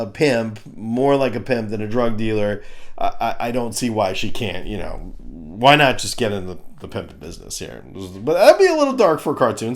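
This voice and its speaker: A middle-aged man in his fifties rants through a cartoon review with crude jokes. He is animated and loose, his voice sitting at a medium pitch. The tone is casual and opinionated. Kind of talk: comedic rant review.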